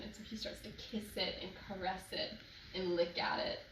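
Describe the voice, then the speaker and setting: A woman telling a folktale aloud, unhurried and leaning on emphatic repetition. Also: mid-range voice. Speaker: storyteller. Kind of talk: oral folktale storytelling. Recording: echoey room, distant mic, noisy background.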